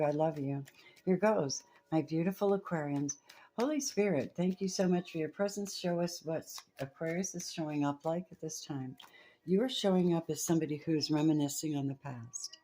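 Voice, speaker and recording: A woman giving a spiritual tarot reading, reading scripture and speaking softly and slowly to her viewers. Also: low voice. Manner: slow, soft-spoken, addresses viewers as babies. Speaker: tarot reader.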